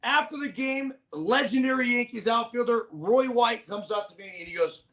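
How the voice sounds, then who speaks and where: A man co-hosting a podcast, telling stories in an animated, profane way and acting out the quotes. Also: very high voice, normal speed, hardly any pauses. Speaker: podcast co-host, former ballplayer. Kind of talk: casual storytelling chat.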